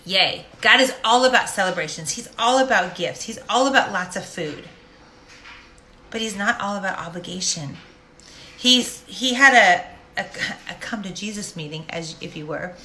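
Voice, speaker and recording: A woman's voice: mid-range voice, bright, forceful tone, a little hiss or hum. A woman, a life coach, speaking directly and animatedly in a casual faith-based monologue. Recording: roomy echo.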